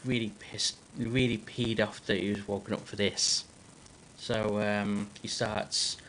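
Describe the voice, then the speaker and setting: A man's voice: on the low side, level tone, a bit bright, slight background noise. A man hosting a livestream, telling a joke casually with many fillers and restarts. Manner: halting, full of fillers and restarts. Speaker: livestream host.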